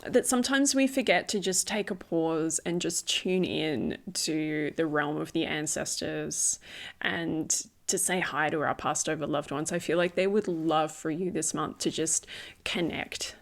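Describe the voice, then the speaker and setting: A woman's voice: low-pitched, a little slow, creaky. A woman giving a casual spiritual tarot reading. She is chatty, laughs often, uses many fillers and repeats phrases for emphasis. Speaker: tarot reader.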